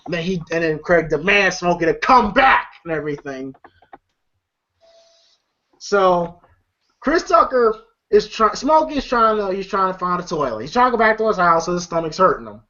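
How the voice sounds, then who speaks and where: A film reviewer giving a casual, animated recap of a movie scene, chuckling and using lots of filler phrases. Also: mid-range voice, moderate pace. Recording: dull lo-fi audio.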